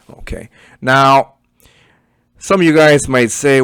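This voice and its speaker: A man's voice: medium pitch, animated, slow, creaky, pauses often, fairly bright tone, clean tone, no echo, studio quality. A Canadian man giving a casual, blunt screen-share review as an online business reviewer, chatty and often tagging "okay" and "right?".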